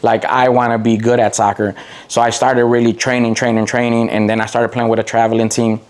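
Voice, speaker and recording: A middle-aged man from the Waukegan area, speaking at an ordinary pitch for a man. He tells long, rambling stories full of fillers and restarts. He gets animated whenever he quotes someone. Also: brisk. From Waukegan area, Illinois. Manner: rambling, many "like" fillers and restarts, animated when quoting people. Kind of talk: casual interview storytelling.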